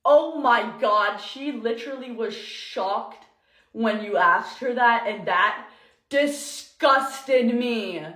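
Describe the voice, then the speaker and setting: A woman's voice: fairly high pitch, slow, sharp tone. A young woman who is an influencer, angrily ranting and swearing through a storytime video. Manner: angry, profane, emotional rant. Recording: echoey room.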